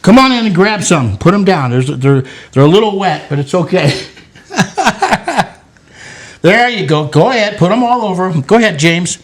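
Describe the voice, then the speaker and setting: Older man hosting a lively cooking show. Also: sits high, moderate pace. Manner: encouraging, playful, coaxing children. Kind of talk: casual cooking demonstration with kids.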